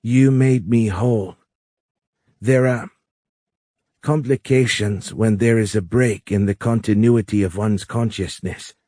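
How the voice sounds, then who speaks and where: A man voicing a calm, wise alien woman with a foreign accent, speaking slowly and explaining patiently in an audiobook. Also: fairly low pitch, no room sound, clean studio sound. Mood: tender. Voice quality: foreign accent, soft raised voice. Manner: slow, measured, explanatory.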